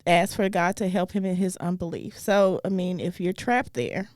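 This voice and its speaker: Woman, low-pitched, earnest, thoughtful, casual chat, dry close sound. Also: normal speed, darkish tone, no echo. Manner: earnest, thoughtful, gets briefly emotional. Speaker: comedian and co-host. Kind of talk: casual chat about faith.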